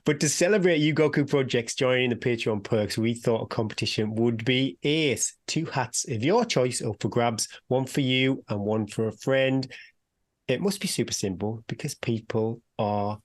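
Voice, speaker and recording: Brief: man, podcast co-host, mid pitch, upbeat and laughing a lot. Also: moderate pace. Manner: enthusiastic, laughs often. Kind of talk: casual chat.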